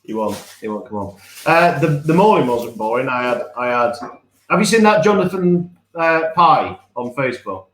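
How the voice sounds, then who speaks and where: A man of middle pitch chats loosely and rambles from one thought to the next, chuckling at his own stories. The sound is roomy and echoey, as if he sits in a bare room at home. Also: sing-song, normal speed. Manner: chatty, rambling, laughs at himself. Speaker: podcast co-host. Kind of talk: casual live-stream chat.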